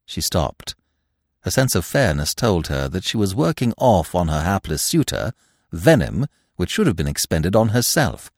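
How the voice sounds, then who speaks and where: A man narrating a classic novel in a lively, expressive storytelling manner. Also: deep voice, normal speed, no room sound, studio quality.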